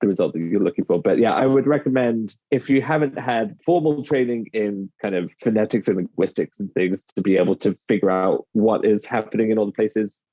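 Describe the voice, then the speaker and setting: A man's voice: fairly low pitch, brisk, hardly any pauses, warm tone, no room sound. A British man, a dialect coach, explaining his work in conversation and acting out quoted phrases. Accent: British English. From United Kingdom. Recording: slightly dull lo-fi sound.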